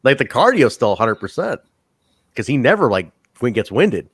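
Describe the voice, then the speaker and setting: A man's voice: mid-range voice, moderate pace, breathy edge, no room sound. A man co-hosting a casual wrestling review chat, telling stories with a laugh. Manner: laughing, animated storytelling with mock quotes. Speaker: podcast co-host.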